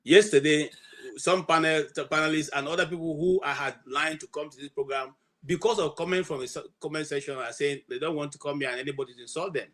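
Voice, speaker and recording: A man moderating a heated online panel, firmly pleading for calm. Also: fairly high pitch, fast. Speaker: host and moderator.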